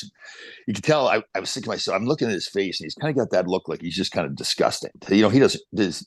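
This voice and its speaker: A man in his sixties, a podcast guest telling animated stories with quick restarts. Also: low voice, no room sound. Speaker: podcast guest, former pro hockey player. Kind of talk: casual storytelling interview.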